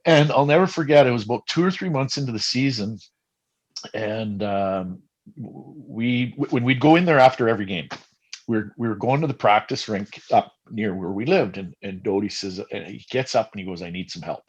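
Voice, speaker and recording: A man's voice: medium pitch, normal speed, breathy edge, poor audio. Middle-aged man telling rowdy stories. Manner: animated and profane, with frequent restarts. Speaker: guest, former pro hockey player. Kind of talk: casual storytelling.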